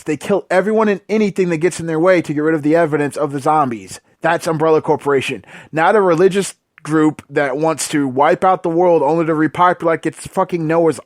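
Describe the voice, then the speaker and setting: High-voiced man ranting, swearing, sarcastic. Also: no echo, studio quality. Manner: profane, exasperated, sarcastic; loose filler-heavy talk. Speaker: movie reviewer. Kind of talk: casual ranting movie review.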